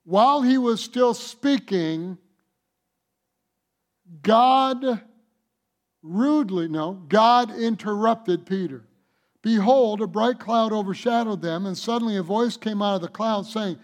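A man preaching a sermon, swinging between loud exhortation and hushed reflection and acting out the scripture dialogue. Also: sits high. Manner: acts out scripture dialogue with animated voices. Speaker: pastor.

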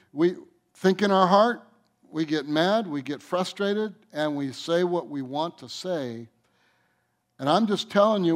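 A male pastor preaching a sermon at a deliberate, unhurried pace. His voice sits a little high for a man, and he stretches the words he wants to land. Phrase endings drop away quietly. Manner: emphatic preaching, slows down to stress points, drops soft at phrase ends.

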